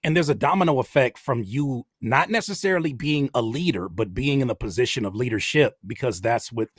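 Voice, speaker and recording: A man hosting a casual podcast chat, talking in an animated way and acting out quotes. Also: mid-range voice, fairly quick, husky, dry recording, clean studio sound. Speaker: host.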